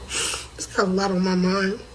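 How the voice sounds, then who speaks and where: A woman speaking into her phone to an online audience, her voice sitting at an ordinary middle pitch. She rambles, circles back and repeats herself as she confides. The recording is noisy, with traffic sounds around her. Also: flat delivery, measured pace. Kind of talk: emotional live-stream talk to viewers.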